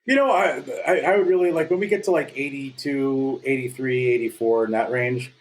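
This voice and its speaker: A man's voice: medium pitch, fairly quick, a little hiss or hum, poor audio. A man around fifty from North Dakota, co-hosting a podcast in casual chat, telling stories in a jokey, self-deprecating way. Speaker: podcast co-host.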